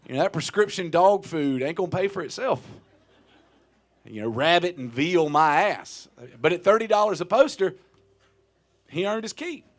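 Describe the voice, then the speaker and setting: A man's voice: high voice, lively intonation, moderate pace. A man in his thirties telling a wry, profane story onstage between songs at a small live music venue, into a stage vocal mic. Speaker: touring singer-songwriter telling a story on stage.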